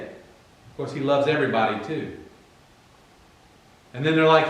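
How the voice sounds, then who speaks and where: A man with a Virginian accent, preaching a sermon conversationally and acting out Bible figures in quick asides. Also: on the high side. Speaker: pastor. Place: church. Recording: very echoey room, far from the mic.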